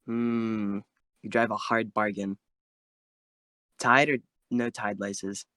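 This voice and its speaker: This man co-hosts a casual podcast from his closet, rambling in a playful way with frequent "like" and "um" fillers. He has a lowish, sharp-toned voice with a flat, slow delivery, recorded dry.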